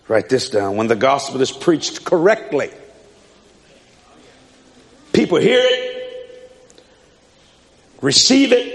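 A man preaches a sermon with fiery emphasis, shouting his points and repeating them for the congregation. His high, gravelly voice swings across a wide range. Each line trails off in long reverb, with a faint crowd in the background.

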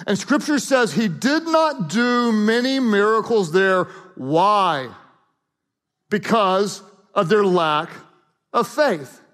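High-voiced preacher man, dramatic sermon. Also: a bit bright, in a large hall. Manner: dramatic, acts out scripture scenes, calls for audience to repeat. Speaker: pastor.

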